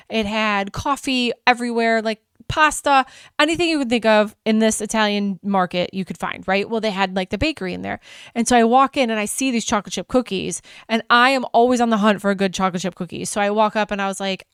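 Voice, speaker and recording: Woman travel vlogger, casual and excitable, smooth clear voice, dry close sound. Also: medium pitch, no echo. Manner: chatty, enthusiastic, rambling with restarts.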